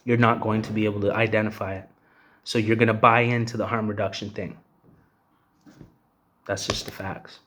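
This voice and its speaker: An agitated Canadian vlogger gives an angry, profane rant to the camera, repeating the filler "you know what I mean" again and again. His voice is fairly low and a bit bright, with little pitch movement and a quick pace.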